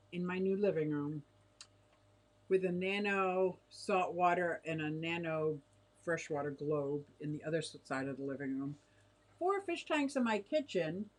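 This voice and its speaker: A woman's voice: lowish voice, a little slow. A middle-aged woman hosting a casual livestream from her home, chatting and giggling as she reacts to viewer comments. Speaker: livestream host reading chat. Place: home fish room with tanks.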